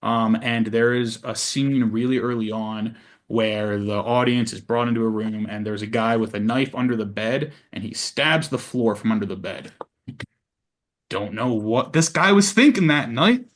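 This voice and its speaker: Brief: male actor guest, lively profane anecdotes, casual chat. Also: lowish voice, normal speed. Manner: animated, profane anecdote telling. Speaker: podcast guest, actor and educator. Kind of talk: casual storytelling.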